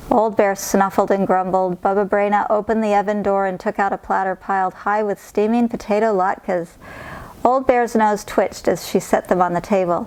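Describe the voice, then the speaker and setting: A woman reading a picture book aloud in a calm, clear storytelling manner. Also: mid-range voice, moderate pace. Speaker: storybook reader.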